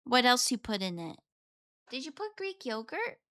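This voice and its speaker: A woman's voice: a little high, sing-song, normal speed, fairly bright tone, no echo, studio quality. A woman chatting casually on a live stream, reading and answering her chat in a playful, meowing way. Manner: playful, chatty, meows between chat replies.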